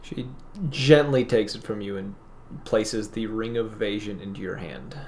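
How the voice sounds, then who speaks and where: A man narrating as game master of a tabletop role-playing game, halting and full of fillers. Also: fairly low pitch, darkish tone, slight background noise.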